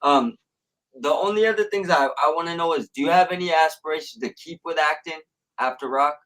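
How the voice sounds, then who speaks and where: A man's voice: on the high side, a little fast, a bit bright, low-quality recording. A man hosting a podcast, chatting casually and answering with short affirmations. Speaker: podcast host. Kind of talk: casual interview chat.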